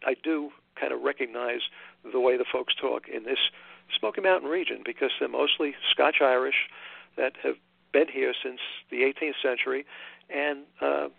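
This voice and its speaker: An older man from Long Island speaks as an author guest in a radio interview. His voice is deeply gravelly, and he pauses often, filling gaps and restarting his sentences. It comes through a tinny, dry phone line. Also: fairly even intonation, no echo. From Long Island, New York. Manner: halting, many fillers and restarts.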